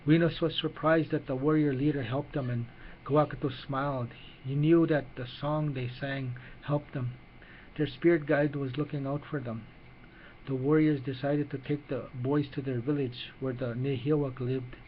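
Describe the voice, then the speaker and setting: A man narrating a children's story in an unhurried way, with small restarts as he reads. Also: medium pitch, steady tone, lo-fi sound, a little hiss or hum.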